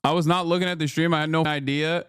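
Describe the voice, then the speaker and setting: Streamer host, male, high voice, dry close mic, profane sarcastic rants. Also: steady tone, fast talker, a bit bright, smooth, dry recording. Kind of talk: casual reaction commentary.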